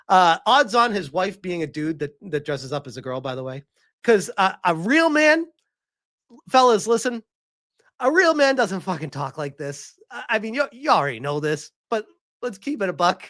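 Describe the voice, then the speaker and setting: A man's voice: high-pitched, very animated, normal speed, a bit bright. A man giving heated, profane reaction commentary, reading article quotes aloud between his own remarks.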